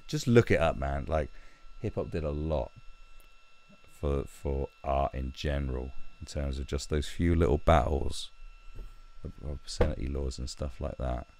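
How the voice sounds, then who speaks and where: A man's voice: very deep voice, measured pace, creaky, darkish tone, slight background noise. A man giving rambling, sweary commentary and often restarting his sentences. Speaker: YouTube commentator. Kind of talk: ranting commentary.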